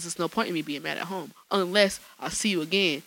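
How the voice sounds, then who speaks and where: A woman's voice: lowish voice, fast, gravelly, fairly bright tone, a little hiss or hum, rough recording. A woman hosting her own podcast alone in a small studio, chatting casually in slang and laughing often. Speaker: podcast host. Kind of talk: solo podcast chat.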